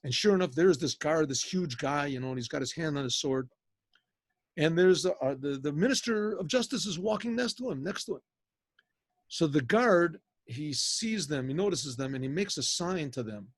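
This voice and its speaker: A rabbi telling a story in a loose, conversational way, halting and repeating words over a video call. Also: male voice, a little high, expressive, no room sound, clean studio sound. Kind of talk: informal oral storytelling.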